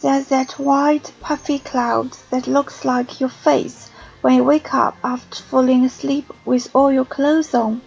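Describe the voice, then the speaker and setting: A woman reading a story aloud, slow and unhurried, voicing the dialogue with some liveliness. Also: sits high, fairly even intonation, vocal fry, darkish tone, highs cut off, soft background music. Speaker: audiobook reader. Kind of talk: scripted narration.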